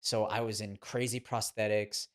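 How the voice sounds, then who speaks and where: A man in his thirties, a podcast guest, telling stories in a chatty, animated way and laughing as he goes. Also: on the low side, normal speed. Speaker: guest, former child actor turned boxing trainer. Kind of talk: casual podcast storytelling.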